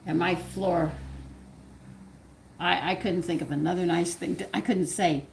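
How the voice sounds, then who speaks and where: An older woman with a Southern US accent, a cooking channel host, telling a home story in casual, animated talk and laughing often. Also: on the low side, unhurried, vocal fry, slight background noise. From American South. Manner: animated, laughs often, swings loud and quiet.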